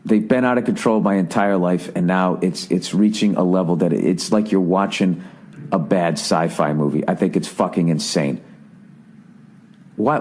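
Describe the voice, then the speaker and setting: Low-pitched and somewhat dark in tone, this man hosts a podcast and rants comedically. His monologue is sarcastic, full of swearing, and driven by exasperated energy.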